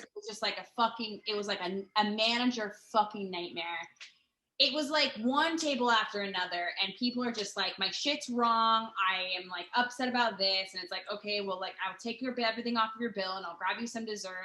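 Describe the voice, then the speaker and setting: Woman, bright tense voice, rambling and sweary storyteller, room echo on the mic. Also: medium pitch. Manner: rambling, profane, many fillers and restarts. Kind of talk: casual storytelling chat. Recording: roomy echo.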